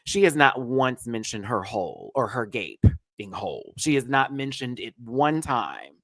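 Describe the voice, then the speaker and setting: A man's voice: medium pitch, big pitch swings, measured pace, vocal fry, fairly bright tone, no echo. A man hosting a live review show, giving sassy, playful commentary full of slang. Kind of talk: animated commentary on a reality show.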